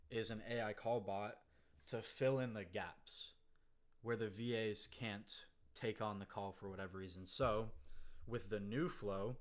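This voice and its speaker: A young man casually explaining his software work in a slangy, laid-back way, acting out callers in quick voices. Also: lowish voice. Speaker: software developer.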